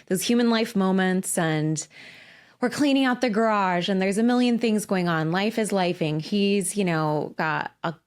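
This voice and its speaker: A woman's voice: mid-range voice, moderate pace, clear, resonant tone. A woman in her forties hosting a casual solo podcast, candid and emphatic, swearing freely as she talks. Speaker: podcast host and coach.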